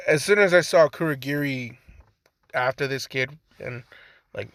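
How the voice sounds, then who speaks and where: A man's voice: medium pitch, a little slow, long pauses, a bit bright, dry recording, clean studio sound. A man telling an improvised story in a laid-back, rambling way, full of "like" and casual swearing.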